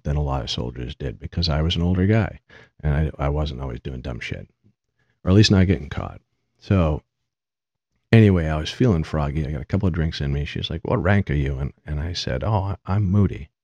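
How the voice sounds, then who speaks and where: A man's voice: rumbling low, mellow, breathy edge, dry recording. A middle-aged man, a podcast host, tells a rambling, amused story about himself in a casual way. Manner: amused, rambling, self-mocking. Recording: dull, dry lo-fi sound.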